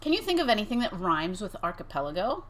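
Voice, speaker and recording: A woman's voice: mid-range voice, big pitch swings, fast talker, fairly bright tone. A woman illustrator co-hosting a live reading, reading a picture book aloud and teasing her partner with frequent giggles. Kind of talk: casual live-stream reading.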